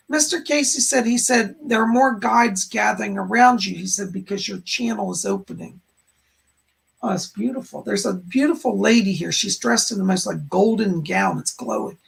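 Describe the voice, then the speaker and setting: Hoarse, gravelly man doing psychic readings. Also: sits high. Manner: warm, rambling, relays spirit messages. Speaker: psychic medium hosting a live stream. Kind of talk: live-stream readings for chat donors.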